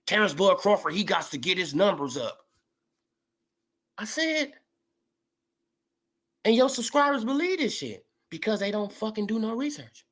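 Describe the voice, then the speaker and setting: A woman's voice: mid-range voice, normal speed, pauses often. A woman ranting heatedly in a sports commentary vlog, swearing freely and calling people out. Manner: profane, heated, animated.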